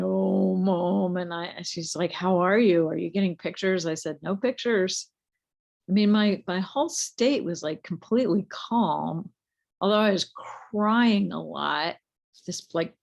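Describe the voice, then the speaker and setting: A middle-aged woman slowly telling a personal spiritual story, halting, with many fillers and restarts. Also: on the low side, vocal fry. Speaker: group leader telling her spiritual story.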